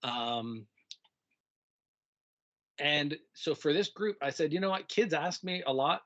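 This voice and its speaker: A middle-aged man, a retired teacher, telling stories in a casual conversation, animated and laughing often, acting out kids' voices. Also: a little high, unhurried, muffled recording.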